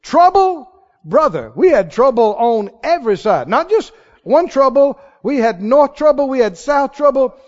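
A man's voice: very high-pitched, sing-song, measured pace. A man preaching a sermon with emphatic delivery, calling on the congregation to respond. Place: church sanctuary. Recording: dull sound in a large reverberant hall.

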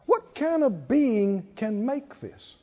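Male preacher, slow and mellow, quick to laugh, sermon recorded dull in a reverberant hall. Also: very high-pitched, sing-song. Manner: conversational, laughs often, asks the congregation questions. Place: church or conference hall.

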